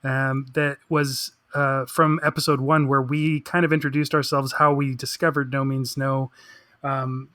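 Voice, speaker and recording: Male podcast co-host, bright and hesitant, dry close mic. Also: medium pitch, level tone, measured pace, dry recording. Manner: hesitant, full of ums and restarts. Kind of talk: casual chat.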